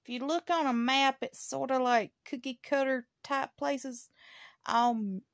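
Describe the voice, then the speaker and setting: A woman's voice: sits high, steady tone, measured pace, no room sound, clean studio sound. A woman movie reviewer answering a viewer's question in a casual, rambling vlog, stopping to search for words. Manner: rambling, chatty, self-interrupting.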